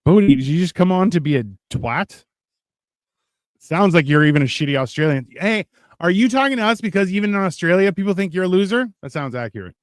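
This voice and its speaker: A man's voice: high voice, expressive, a little fast, no room sound, studio quality. A man hosting a live stream, bantering casually and mocking others with frequent swearing. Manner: joking, mocking, swears a lot.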